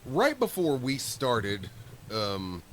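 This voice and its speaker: A man's voice: mid-range voice, takes it slowly, a little hiss or hum. A man co-hosting a podcast, telling stories in loose, profane casual chat. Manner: animated, acts out voices in his stories. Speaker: podcast co-host.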